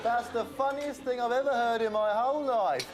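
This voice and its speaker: A man's voice: very high voice, normal speed, very noisy. An actor playing a man whose every sentence comes out sarcastic, full of exaggerated cheer and forced laughter. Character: man who can only sound sarcastic, cheerful.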